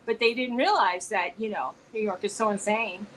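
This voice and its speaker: A woman's voice: mid-range voice, moderate pace, slight background noise, poor audio. A woman co-hosting a casual chat between friends, telling rambling stories full of restarts. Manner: rambling storyteller, restarts often. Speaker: co-host.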